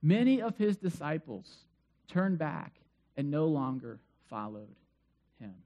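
A man's voice: fairly high pitch, big pitch swings, takes it slowly, mellow. A male pastor giving a sermon in a chatty storytelling way, full of asides. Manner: conversational storytelling with many asides.

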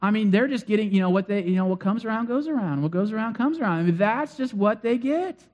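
High-voiced man preaching a sermon. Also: expressive, fast, dull audio. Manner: storytelling, acts out the figures' lines. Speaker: pastor.

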